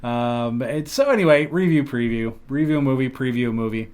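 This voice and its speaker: A man co-hosting a casual podcast chat, animated and profane, slipping into goofy mock voices. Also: medium pitch, a little fast, clear, resonant tone. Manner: animated, swears freely, goofy mock accents. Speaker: podcast co-host.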